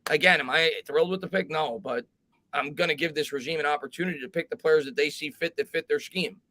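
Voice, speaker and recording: A man's voice: a little high, quick pace. Chatty man hosting a sports stream. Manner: reads viewer comments aloud, thinks out loud with restarts. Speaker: host. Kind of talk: live sports talk stream.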